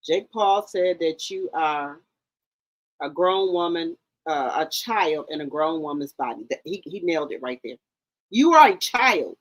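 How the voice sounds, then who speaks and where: A woman's voice: fairly low pitch, poor audio. A woman hosting a commentary channel, reacting to a clip in a scolding, exasperated, mocking way.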